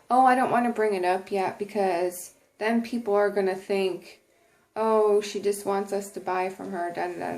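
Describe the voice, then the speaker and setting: A woman talking earnestly to camera in a casual inspirational vlog, with many ums and restarted sentences. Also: mid-range voice. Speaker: vlogger.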